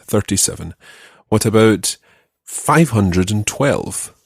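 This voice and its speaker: A man teaching a podcast language lesson, patiently giving phrases and slowing down to model pronunciation. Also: lowish voice, sing-song, breathy edge, no room sound, clean studio sound.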